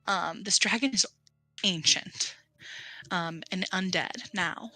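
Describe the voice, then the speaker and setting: A woman's voice: lowish voice, slow pace, pushed and bright, no room sound, faint music behind, low-quality recording. A woman running a tabletop game as game master, narrating unhurriedly with many filler ums.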